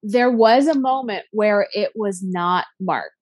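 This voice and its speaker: A woman co-hosting a casual discussion, steering the talk and inviting the others to speak. Her voice is mid-pitched, and the recording is close and dry, with no room sound. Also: slow, a little mellow, no room sound. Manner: conversational, leads the discussion and passes turns. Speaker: podcast co-host. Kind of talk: casual chat.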